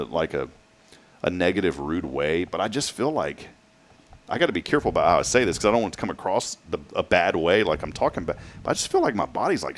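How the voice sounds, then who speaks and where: A man hosting a morning talk show, rambling and often restarting his sentences. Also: low voice. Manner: rambling, self-interrupting, chatty. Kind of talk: casual chat.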